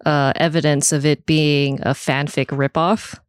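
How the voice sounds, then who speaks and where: A woman's voice: low-pitched, level tone, measured pace, clean tone, no echo. Blunt woman on a podcast chat. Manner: blunt, swears, laughs often. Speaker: podcast co-host. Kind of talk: casual chat. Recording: dry close mic, webcam call.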